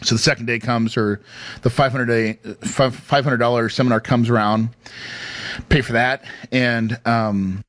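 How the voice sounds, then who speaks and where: A man's voice: mid-range voice, fairly even intonation, a little slow, a bit bright, no echo. A man hosting a podcast, telling a personal story in an emphatic, emotional way and laughing often into a studio microphone. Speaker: podcast host.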